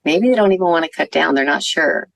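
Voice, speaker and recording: A woman's voice: low voice, expressive, fast talker, vocal fry, dry recording, rough recording. A woman physician, giving an earnest conference talk and telling stories with some fillers. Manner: earnest, warm storytelling with fillers. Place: conference venue.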